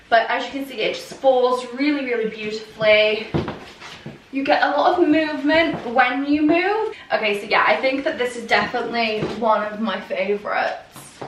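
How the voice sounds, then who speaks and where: A young woman with a British accent talks her way through a dress haul, enthusiastic and full of "like" and "um". Her voice sits high, and she sounds a little far from the mic in a roomy, echoey space at home. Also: a bit bright, a little hiss or hum. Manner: gushing, chatty, lots of "like" and "um". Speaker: fashion vlogger. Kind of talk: casual try-on haul chat. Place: room at home with a heater. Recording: roomy echo, mic at a distance.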